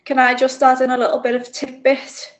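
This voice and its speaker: A woman's voice: high voice, completely flat delivery, a little fast. A woman co-hosting a podcast, chatting casually, self-deprecating with laughs. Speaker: podcast co-host. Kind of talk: casual chat.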